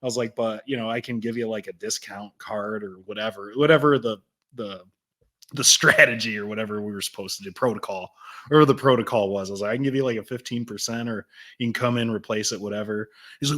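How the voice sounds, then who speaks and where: A man co-hosting a podcast, telling a story in a casual, animated way and laughing as he goes. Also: lowish voice, fast talker. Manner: animated, laughs through his stories. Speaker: podcast co-host.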